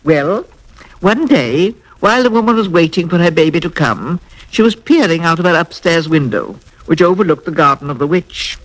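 Guy reading a fairy tale on a kids record, highish voice, lilting and expressive. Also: moderate pace, low-quality recording. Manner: expressive, lilting, dwells on words. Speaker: storyteller. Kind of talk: scripted fairy-tale narration for a children's record.

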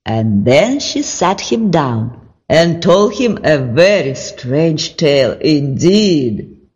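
A storyteller reading a fairy tale aloud in a slow, expressive way. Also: mid-range voice, long reverb tail.

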